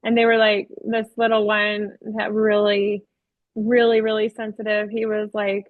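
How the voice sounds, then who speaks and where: A woman who teaches kindergarten recounts her classroom in an easygoing, rambling way, leaning on "like" and "you know." Her voice sits at an ordinary middle pitch. The sound is thin and tinny, as over a phone line, with no room echo. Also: flat delivery, a little slow. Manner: chatty, heavy use of "like" and "you know". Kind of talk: casual storytelling in an interview.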